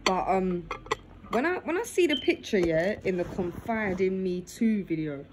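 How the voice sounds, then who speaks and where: Her voice mid-range and lively in intonation, a woman talks unhurriedly over dinner in her living room, vlogging into a phone in her lap and adding "yeah?" to almost every phrase. There's slight background noise on a low-quality recording.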